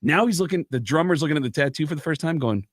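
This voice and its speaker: A man telling a comic story as a guest, animated and restarting often, close to the mic. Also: a little high, racing, dry recording. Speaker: comedian guest.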